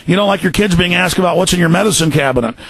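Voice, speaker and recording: A man's voice: sits high, rapid-fire, gravelly, no echo. A man hosting a talk radio show, ranting in fury, often mocking the people he attacks in put-on voices. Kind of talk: angry political radio rant.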